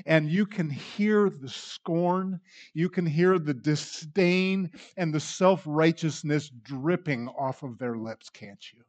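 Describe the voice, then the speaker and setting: A man preaching a sermon, dramatic in delivery, acting out the voices he quotes and swinging from loud to hushed. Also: a little high, slow pace, highs cut off.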